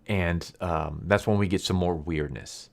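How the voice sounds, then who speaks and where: Low-voiced man rambling through a recap. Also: measured pace, gravelly, a little mellow. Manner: rambling retelling with fillers and quoted dialogue. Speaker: video reviewer. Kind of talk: casual recap commentary.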